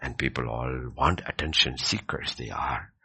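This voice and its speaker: A man's voice: normal speed, gravelly, sharp tone, slightly rough. A man teaching in a question-and-answer session, preaching emphatically and repeating his key phrases. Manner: emphatic, repeats key phrases, builds from low murmur to ringing peaks.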